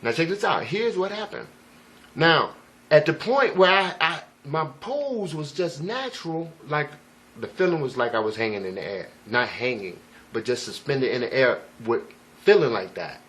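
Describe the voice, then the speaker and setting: A man's voice: on the high side, sing-song, normal speed, fairly bright tone. A man telling a personal story in a casual, rambling and profane way, full of emphatic asides to the listener. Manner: rambling, profane, emphatic, frequent "you know what I'm saying". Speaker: vlogger.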